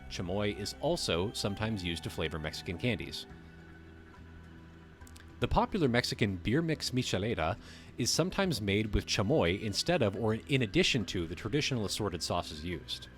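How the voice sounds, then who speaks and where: A man's voice: lowish voice, very animated, normal speed, faint music behind. A man hosting a livestream, reading a text aloud and breaking off to riff on it casually, swearing now and then. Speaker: livestream host.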